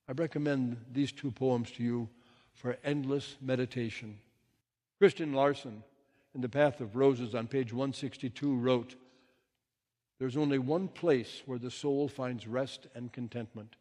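Guy giving a sunday sermon, calm and thoughtful, mid-range voice, big echoey hall. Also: mid-range voice, measured pace. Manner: gentle, reflective, reads quotes and poems with rising intensity. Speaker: minister. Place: church sanctuary. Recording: long reverb of a large hall.

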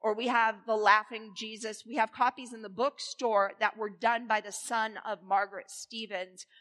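A woman minister giving a sermon in a church, playful and animated as she leads the congregation. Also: fairly high pitch, normal speed. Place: church sanctuary. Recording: reverberant church hall.

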